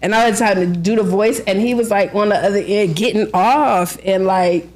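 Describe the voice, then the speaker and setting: A woman who is an author and book coach, chatting as a podcast guest, full of fillers and quick to laugh. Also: mid-range voice, a little mellow. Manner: chatty storyteller, lots of "like" fillers, laughs often. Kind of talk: casual interview chat.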